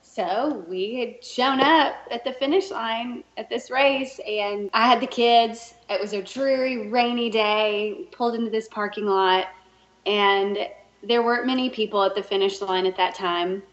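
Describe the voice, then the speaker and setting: A woman guest on a podcast, telling a story in a lively, laughing way and acting out the people she quotes. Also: a little high, measured pace. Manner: animated, laughs often, puts on voices when quoting. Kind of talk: casual interview storytelling. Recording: roomy and dull, lo-fi.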